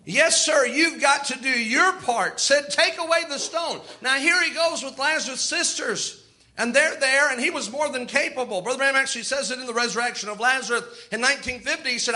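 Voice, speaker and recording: A man's voice: very high voice, normal speed, pushed and bright. A man preaching a sermon, telling the story with impassioned, dramatic rises and outbursts.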